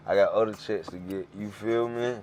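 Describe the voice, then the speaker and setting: Guest rapper, low and animated, tells stories with voices. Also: male voice, moderate pace, crowd noise. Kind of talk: casual storytelling.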